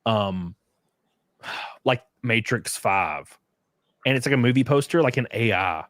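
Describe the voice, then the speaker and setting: A man's voice: animated, slow pace, a bit bright, no echo, studio quality. A young man hosting a casual political livestream, loose and profane, mocking the things he reads out. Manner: loose, profane, mocking, acts out quotes with big pitch jumps. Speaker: livestream host.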